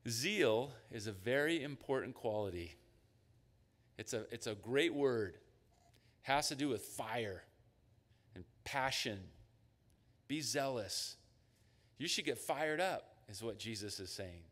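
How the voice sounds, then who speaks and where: A male pastor preaching with a lively, swinging pitch, acting out voices of God and his listeners. His voice sits in the middle range. The sound carries a long church reverb. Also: takes it slowly, pauses often. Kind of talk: sermon. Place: church sanctuary.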